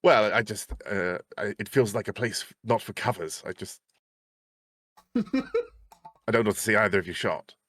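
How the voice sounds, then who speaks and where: Man as a player in a tabletop game, low, lively voice, dry close sound. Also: normal speed, no echo. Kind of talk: casual tabletop play.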